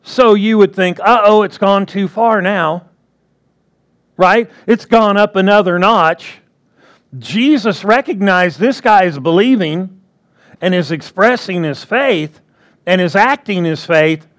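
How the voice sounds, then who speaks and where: Guy preaching a sermon, kinda high voice, takes his time, keeps asking the crowd questions. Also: a little slow. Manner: conversational preaching, asks the congregation questions. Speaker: pastor.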